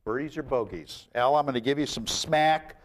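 A man hosting a casual talk show, animated and jokey, often breaking into laughter. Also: mid-range voice, normal speed. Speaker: host. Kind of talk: casual chat.

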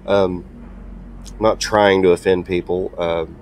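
A man's voice: low-pitched, level tone, takes it slowly, darkish tone, a little hiss or hum. A man hosting a truck game video, talking casually and hesitantly with many ums and restarts. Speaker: gaming channel host. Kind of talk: casual gameplay commentary.

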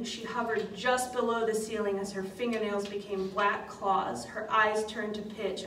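A woman writer giving a dramatic, expressive live reading of her own story and poem in an art gallery. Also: mid-range voice, slight background noise. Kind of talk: live spoken-word reading with music. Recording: echoey gallery from far off, loud tuba music.

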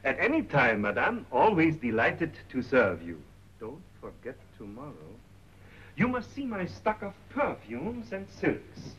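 An actor playing a smooth, ingratiating bazaar owner who talks softly and courteously, in 1930s film acting. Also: male voice, fairly high pitch, sing-song, a little slow. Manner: soft, coaxing, courteous. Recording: dull 1930s film soundtrack with faint hiss.

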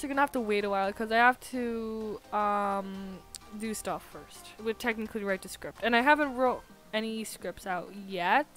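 Excitable young-sounding woman streamer, bit high. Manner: excitable, chatty, quick to laugh. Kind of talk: casual live-stream gaming chat.

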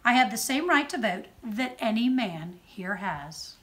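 A woman's voice: a little high, animated, a little slow, a bit bright. A woman voicing a bold, commanding elderly woman suffragist in a children's storybook reading, speaking in ringing, declamatory tones.

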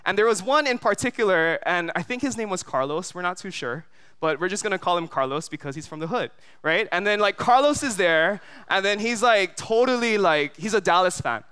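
Animated, bright-voiced preacher from Hawaii. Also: male voice, high voice, a little fast, clear, resonant tone. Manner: animated storyteller, many fillers, asks the crowd "right?". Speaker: pastor. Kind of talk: sermon with storytelling. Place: church service.

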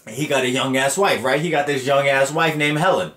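A man tells a story with crude, animated energy and jumps into each character's voice as he goes. His voice sits a touch high. The room around him is echoey and bare. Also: quick pace, few pauses. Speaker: podcast host. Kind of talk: profane comedic retelling.

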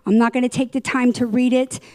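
A woman teaching a church Bible lesson, reading verses and explaining them in a deliberate way, sometimes correcting herself. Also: fairly high pitch, little pitch movement, a little mellow.

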